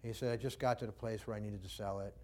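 A man's voice: fairly low pitch, steady tone, quick pace, dark tone. A preacher telling a personal story in a sermon, talking conversationally and acting out the people he quotes. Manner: conversational, acts out quoted dialogue.

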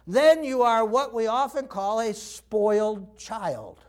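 Older man, preacher, high voice, animated, lively sermon. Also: a little slow, few pauses. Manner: animated, acts out quoted voices, laughs often. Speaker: pastor.

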